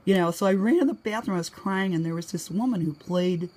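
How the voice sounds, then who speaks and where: A woman's voice: fast talker, darkish tone. A middle-aged woman from New England telling rambling personal stories in a casual way, laughing often. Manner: chatty, laughs often, acts out quoted lines in a higher voice. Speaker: vlogger. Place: home.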